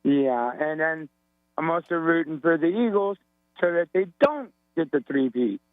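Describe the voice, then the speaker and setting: A man's voice: on the high side, animated, a little slow, no echo. A man calling in to a sports radio show, hungover, rambling and joking. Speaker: radio caller. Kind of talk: casual phone call to radio show. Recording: tinny phone line with hum.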